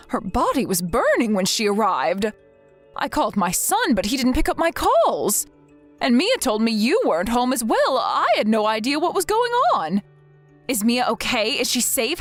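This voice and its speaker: A woman reading the lines of a worried mother-in-law who scolds her son, in a scripted text-message story. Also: a little high. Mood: concerned. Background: faint background music.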